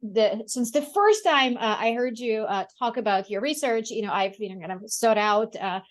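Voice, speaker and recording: Hesitant woman co-host, slightly high voice. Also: normal speed. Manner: hesitant, many fillers. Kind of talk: casual interview.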